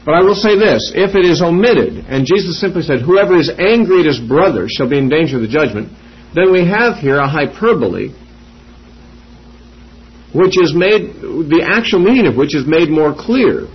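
A man with a somewhat raised, husky voice works carefully through scripture in an expository teaching, asking and answering his own questions. The recording is dull and lo-fi. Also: a little high, animated. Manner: measured, reasoning aloud with quoted scripture. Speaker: Bible teacher.

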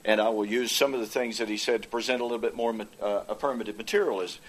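A man presenting his side in a formal theological debate, speaking haltingly with frequent fillers and restarts. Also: on the low side. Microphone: presenter with projected notes.

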